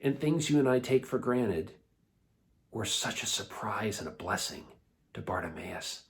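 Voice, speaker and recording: A man leading children's church, telling a Bible story in a playful, animated way. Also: on the low side, measured pace. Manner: animated, playful, laughs often.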